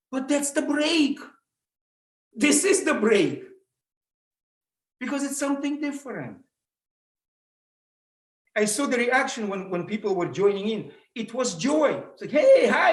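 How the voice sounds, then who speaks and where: A middle-aged man with a Russian accent giving an animated motivational talk, acting out the voices he quotes. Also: high voice, echoey room. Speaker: motivational speaker. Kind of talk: public speaking talk.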